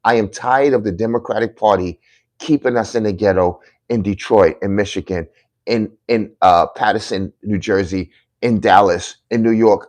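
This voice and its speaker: A man's voice: fairly low pitch, normal speed, darkish tone. Combative man scolding his critics. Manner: repetitive emphatic lists. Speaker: political commentator. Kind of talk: livestream commentary reading viewer comments.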